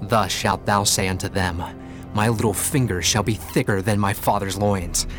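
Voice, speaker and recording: Cast: man as a lowish, boastful, scornful young adviser, music behind. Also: steady tone, moderate pace, close to an everyday voice. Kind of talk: dramatized scripture reading.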